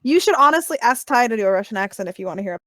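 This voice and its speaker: A woman player at a tabletop game, chatty and upbeat with quick asides. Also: fairly high pitch, expressive, fairly bright tone, dry recording, studio quality. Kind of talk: casual chat at a tabletop game.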